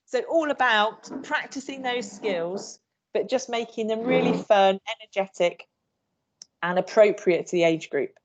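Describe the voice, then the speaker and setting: A woman from England, a PE trainer, runs a teacher workshop on a video call, upbeat and demonstrating moves as she talks. Her mid-range voice is unhurried, and the audio has its highs cut off.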